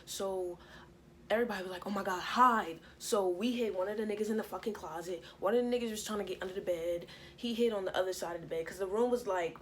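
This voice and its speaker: A young woman vlogger telling a story in a casual, profane, animated way. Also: fairly low pitch, slight background noise. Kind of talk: storytime vlog.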